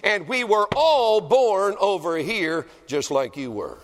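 A male evangelist preaching a revival sermon in a church, swinging dramatically between shouting and hushed tones. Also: sits high, animated, slow pace. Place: church building. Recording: long reverb of a large hall.

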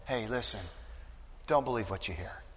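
A preacher doing a hushed, consoling comforter. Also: male voice, fairly low pitch, moderate pace, slightly rough, in a large hall, voice pushed down. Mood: hushed comforting. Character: gentle reassuring man comforting a grieving father.

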